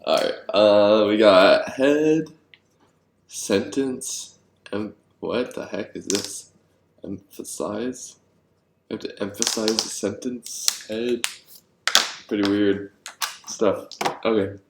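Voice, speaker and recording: A man designing board games and thinking aloud, rambling and getting excited about his ideas, with many ums. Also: fairly low pitch, takes it slowly, pauses often, background noise. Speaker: board game designer vlogger. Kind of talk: thinking aloud while brainstorming. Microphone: handheld camera. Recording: echoey room.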